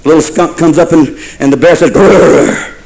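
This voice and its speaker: A man's voice: fairly high pitch, fairly even intonation, a little fast, darkish tone, poor audio. A man preaching a sermon in a folksy storytelling way, building to fervent repeated phrases.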